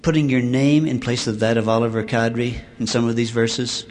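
Man preaching, slow swelling scripture reading. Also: mid-range voice, level tone. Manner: measured, slows and swells when reading scripture. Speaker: church speaker.

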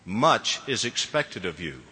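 Solemn male church speaker, bright tone, long hall echo. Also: fairly low pitch, big pitch swings, breathy edge. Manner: measured, formal, solemn delivery. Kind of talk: formal sermon address. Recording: long reverb of a large hall.

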